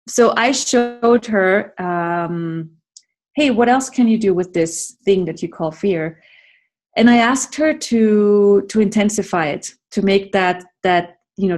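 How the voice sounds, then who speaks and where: A woman's voice: mid-range voice, darkish tone. A middle-aged woman leading a workshop on a video call, talking playfully and laughing often. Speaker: workshop facilitator. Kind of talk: live online class talk.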